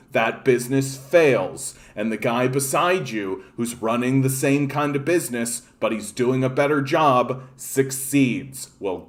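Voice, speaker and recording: A man from Canada giving angry, profane, blunt solo political commentary. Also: mid-range voice.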